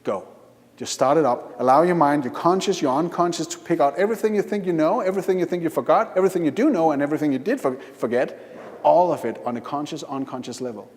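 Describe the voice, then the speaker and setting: A man's voice: on the high side, darkish tone. Man coaxing a hypnosis subject. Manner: slow, coaxing instructions with repeated lists. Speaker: hypnotist giving a stage demonstration. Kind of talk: guiding a live hypnosis demo. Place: conference hall. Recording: reverberant conference hall.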